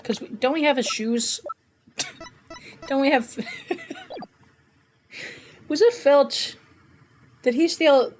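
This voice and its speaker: A woman's voice: high-pitched, very animated, drawn-out words, pauses often, darkish tone. A woman streaming a game, giggling and musing aloud as she reads. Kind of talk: gameplay commentary. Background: game music.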